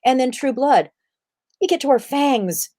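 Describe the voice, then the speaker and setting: Woman guest, lively storyteller, slips into quoted voices, video-call interview. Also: high voice, unhurried. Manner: animated, acts out quoted voices. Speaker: actress guest.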